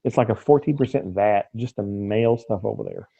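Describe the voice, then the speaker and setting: A man's voice: on the low side, moderate pace, vocal fry, warm tone, husky, highs cut off. A man co-hosting a podcast, chatting and joking casually. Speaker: podcast co-host.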